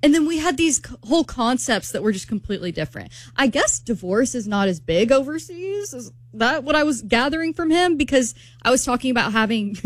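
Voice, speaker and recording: A woman's voice: a little high, no room sound. A woman on a radio show casually and animatedly recounting a date, quoting people as she goes. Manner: animated, gasping, quotes people in voices.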